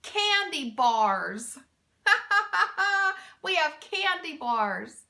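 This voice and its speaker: A woman's voice: on the high side, normal speed. A woman doing a laughing male truck driver. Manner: calm, then laughing hard.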